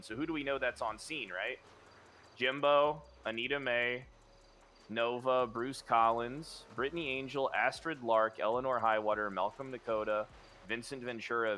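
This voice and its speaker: Incredulous man with a bright voice. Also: mid-range voice, slight background noise. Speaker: role-play character. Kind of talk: in-character role-play talk.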